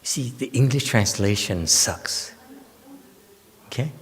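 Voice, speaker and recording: A man, a Buddhist monk giving a slow, joking dharma lecture with many fillers and teasing asides. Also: medium pitch, animated. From United States. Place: temple lecture hall. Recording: long hall reverb.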